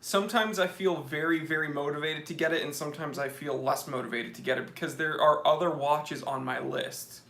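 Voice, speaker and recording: A man with a bright, forceful, fairly high voice hosts a casual live stream Q&A from home. He chats and jokes his way through viewer comments. The room around him sounds noticeably echoey. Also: steady tone, a little fast, gravelly, few pauses. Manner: chatty, joking, reads viewer comments aloud.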